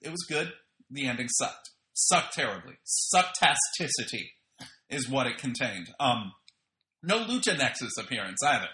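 With a very animated delivery at a moderate pace, a podcast host reviews wrestling casually and opinionatedly, using plenty of slang and fillers. His medium-pitched voice has a sharp tone and a roomy sound.

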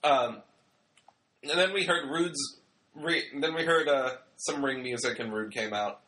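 A man's voice: medium pitch, measured pace, pushed and bright. A young man casually recapping a wrestling show, rambling and joking and acting out bits of dialogue. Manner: chatty, rambling, joking, acts out quotes.

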